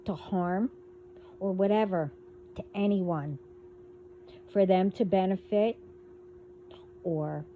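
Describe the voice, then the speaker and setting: A woman hosting a casual spiritual monologue, talking in a rambling, halting way as she delivers warnings. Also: medium pitch, steady tone, narrow, tinny audio, a little hiss or hum. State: hiccups. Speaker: spiritual video host.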